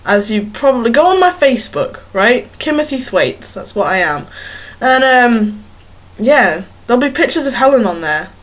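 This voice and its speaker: Sitting in a small bedroom, this young vlogger talks to her webcam in a fairly high voice with big pitch swings at a normal speed. Her casual chat wanders along, full of self-mocking giggles.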